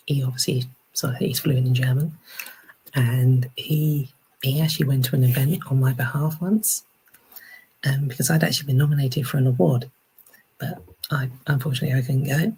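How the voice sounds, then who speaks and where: A woman from England, a podcast guest in casual chat, soft-spoken and breathy, with halting restarts. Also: rumbling low, steady tone, poor audio.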